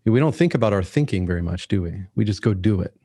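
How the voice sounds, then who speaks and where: Dark-voiced man rambling on a podcast. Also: lowish voice, expressive, fast talker, slightly rough, dry recording, clean studio sound. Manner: rambling and earnest, many restarts, acts out quotes. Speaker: podcast guest, author and tech founder. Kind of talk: casual podcast conversation.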